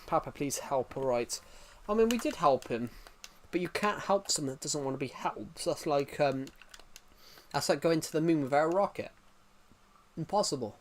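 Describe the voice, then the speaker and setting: A man's voice: a little high, expressive, normal speed, long pauses, a little hiss or hum. A man streaming live, chatting casually, reacting to chat and rambling through restarted sentences.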